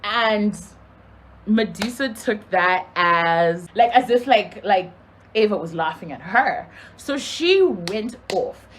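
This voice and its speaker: A young woman from Zimbabwe telling a casual storytime to her camera, animated, acting out the people in her story. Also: mid-range voice, slow pace, slight background noise. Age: young adult.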